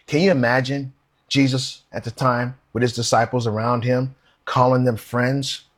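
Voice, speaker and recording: Husky-voiced man preaching a sermon. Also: mid-range voice, level tone. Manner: earnest, conversational preaching with rhetorical questions; slows down to read scripture aloud. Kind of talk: sermon with scripture readings.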